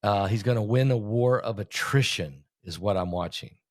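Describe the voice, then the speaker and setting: A man's voice: on the low side, normal speed, dry recording. Chatty male host, dry close sound. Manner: chatty, hesitant, many fillers. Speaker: host, preacher. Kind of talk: casual talk show.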